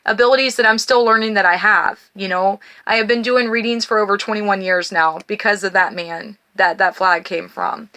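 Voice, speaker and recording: A middle-aged woman hosts a spiritual card reading, her voice bright and clear. She talks to viewers in an earnest, personal way and reads blessings in a slow, gentle cadence. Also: mid-range voice, fairly even intonation. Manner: reads blessings slowly, then talks warmly and emotionally to viewers. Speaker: tarot and oracle card reader.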